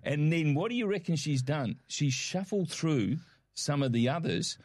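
A man with an Australian accent, co-hosting a casual show and telling a lively shopping story, acting out the voices in his quotes. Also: fairly high pitch, moderate pace, no room sound, clean studio sound. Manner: animated, acts out quoted voices. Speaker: podcast co-host.

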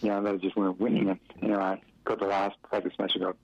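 A middle-aged Australian man, a former footballer from Western Australia, telling rambling anecdotes with chuckles and many fillers in a relaxed interview. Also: low voice, fast talker, breathy edge, no room sound. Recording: muffled dry radio recording.

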